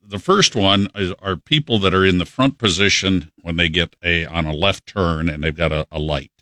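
A man's voice: low voice, moderate pace, sharp tone, no echo, clean studio sound. A man co-hosting a casual radio talk show, plainspoken and grumbling about everyday annoyances. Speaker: radio co-host.

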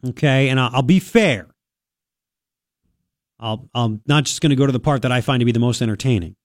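Medium in pitch and fairly quick, this male voice comes through a studio microphone with no echo. He's hosting a talk radio show while fighting a cold, sniffling as he reads news aloud and adds snarky, chatty commentary.

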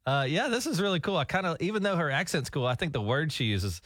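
A man's voice: a little high, expressive, quick pace, fairly bright tone, no room sound. A man hosting a morning radio show, chatting casually and quizzing his co-host, heard on a studio mic. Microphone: studio microphone.

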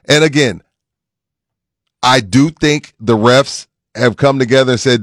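A man in his forties hosting a sports radio show, talking in lively banter that turns loud and laughing when he gets riled up. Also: mid-range voice, a little slow, no echo, studio quality. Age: 40s. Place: radio studio. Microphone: studio mic.

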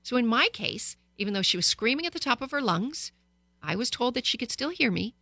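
A woman hosting a radio talk show, giving parenting advice to listeners in a lively, storytelling way, speaking into a studio microphone. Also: on the high side, a little fast, no echo.

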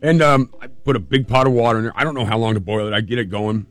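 A middle-aged man from California, host of a storytelling show, telling a childhood story in a relaxed, chatty way with restarts. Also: fairly low pitch, fast talker, faint music behind. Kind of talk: casual personal storytelling.

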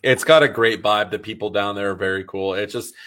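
Enthusiastic male podcast host, low voice, casual chat. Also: steady tone, fairly bright tone. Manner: enthusiastic, quick-talking.

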